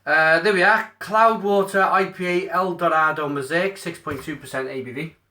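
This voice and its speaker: Streaming live on his mobile phone camera, this beer reviewer unboxes products and reads out replies to viewer comments in a chatty, upbeat way. He talks at a moderate pace in a bright, pushed voice that sits on the high side.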